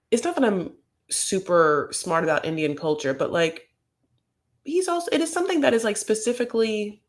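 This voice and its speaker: Campy, gravelly reality TV recapper. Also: male voice, sits high. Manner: rambling, campy, heavy on fillers. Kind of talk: comedic recap commentary.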